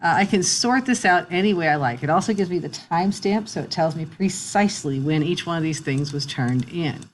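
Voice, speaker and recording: A middle-aged woman teacher, recording a relaxed, chatty screen tutorial with wry asides, talking into a computer mic. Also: fairly low pitch, a little fast, hardly any pauses, a little hiss or hum.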